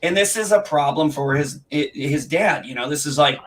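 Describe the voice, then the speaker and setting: A man's voice: fairly high pitch, moderate pace, slight background noise, low-quality recording. A man in a casual live chat, talking in a chatty, emphatic way. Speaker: chat show panelist. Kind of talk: casual chat about old TV shows.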